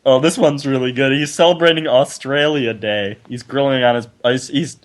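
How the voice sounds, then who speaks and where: A man's voice: medium pitch, normal speed. A man co-hosting a casual podcast, swearing freely and reading friends' posts aloud in mocking voices. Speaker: podcast co-host.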